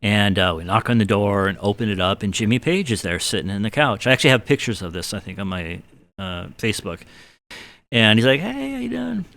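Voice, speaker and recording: A man's voice: on the low side, fairly quick. A middle-aged man telling a rambling, self-deprecating story in a casual chat, acting out what people said. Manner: animated anecdotes with acted-out quotes. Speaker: guitar builder guest.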